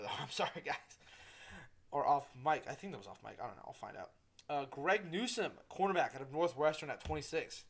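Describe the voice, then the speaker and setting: A young man hosting his own casual sports podcast, rambling, correcting himself and swearing freely. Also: fairly high pitch. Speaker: solo podcast host.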